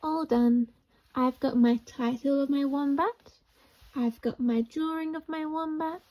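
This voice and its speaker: A woman teaching a phonics lesson to young children, slowly sounding out words syllable by syllable. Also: high voice. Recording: dull lo-fi recording.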